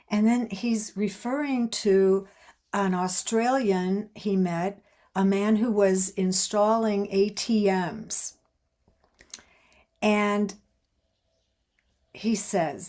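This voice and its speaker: A woman speaking slowly and reflectively at a middle pitch, as she opens an online gathering and reads aloud. She often pauses and restarts her phrases, and her voice comes through a video call. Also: steady tone, a little mellow. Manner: slow, thoughtful, halting with restarts. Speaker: opening speaker. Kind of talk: reflective reading and introduction.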